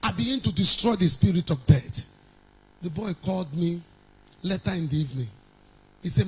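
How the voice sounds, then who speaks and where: A woman's voice: lowish voice, expressive, moderate pace, long pauses, slightly rough, low-quality recording. A woman pastor with a Nigerian accent preaching a sermon in a sing-song cadence, reading scripture aloud between stories.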